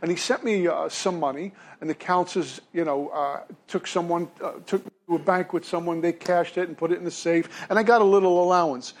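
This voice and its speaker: A man's voice: high-pitched, fairly even intonation, fairly quick, few pauses. A man from Brooklyn, telling his recovery story to a meeting from a podium in a self-deprecating way. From Brooklyn, New York. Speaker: recovery speaker.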